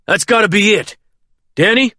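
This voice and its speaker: Gruff growling rescue crewman, a guy reading it, loud and keyed up, dry close sound. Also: high voice, normal speed, dry recording, pitched above the performer's own voice. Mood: urgent. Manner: shouting, growling. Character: tough male helicopter crewman, gruff and combative.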